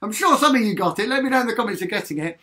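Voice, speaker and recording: A man's voice: high-pitched, lively intonation, very fast, bright, forceful tone. A man leading an online sing-along as a musician. He is upbeat and chatty, reads out viewer comments and counts in the beats. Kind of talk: chatty live-stream singing lesson.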